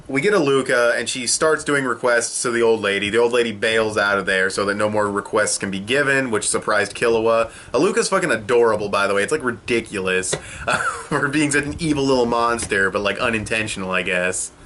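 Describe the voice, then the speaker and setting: Young male reviewer, bright forceful voice, casual and profane, home setup. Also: lowish voice, a little fast, slight background noise. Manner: excitable and profane, swears often. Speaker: anime reviewer. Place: home room.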